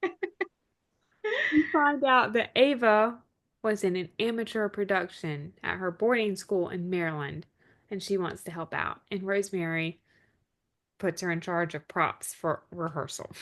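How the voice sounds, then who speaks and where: A woman co-hosting a relaxed podcast, recapping a TV episode scene by scene in an ordinary mid-range voice. She keeps the chat moving with frequent quick agreements. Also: mid-range voice. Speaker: podcast co-host.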